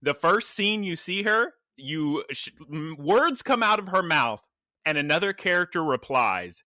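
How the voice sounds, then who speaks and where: Lively, bright-voiced man chatting on a podcast. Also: on the high side, a little slow, no echo, studio quality. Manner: animated, laughing storyteller. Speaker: podcast co-host. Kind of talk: casual chat.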